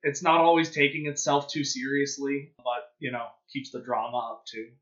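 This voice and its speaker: A man's voice: medium pitch, normal speed, fairly bright tone. A man co-hosting a podcast, chatting casually and hesitantly with stammered restarts. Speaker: podcast co-host. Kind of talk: casual chat. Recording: dull lo-fi sound.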